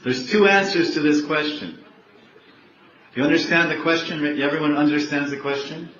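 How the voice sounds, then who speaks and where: A monk giving a sermon, telling a story with lively questions to the audience and acting out its characters. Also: male voice, a little high, moderate pace, slight background noise. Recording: echoey, dull room recording.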